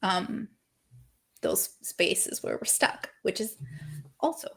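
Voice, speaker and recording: A woman's voice: mid-range voice, wildly swooping pitch, slow, gravelly, a bit bright, husky. A woman author being interviewed on a video call, talking earnestly and expressively about her writing, laughing often and thinking aloud. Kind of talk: casual interview chat.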